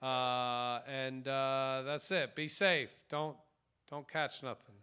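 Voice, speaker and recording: A man's voice: medium pitch, fairly even intonation, takes it slowly, sharp tone, a little hiss or hum. A man hosting a comedy night, rambling loosely and calling himself stoned. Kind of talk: casual emcee banter. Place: small comedy club with live audience.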